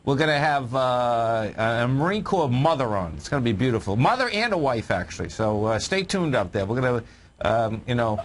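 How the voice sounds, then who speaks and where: This radio market show co-host, an analyst taking calls, has a medium-pitched voice and talks at normal speed with a very animated delivery. He addresses listeners emphatically, repeating phrases, while slight background noise sits under the broadcast.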